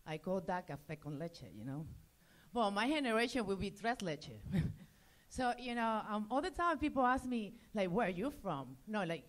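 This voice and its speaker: A woman with a Spanish accent doing a halting stand-up set, searching for words and giggling. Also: mid-range voice, animated. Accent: Spanish-accented English.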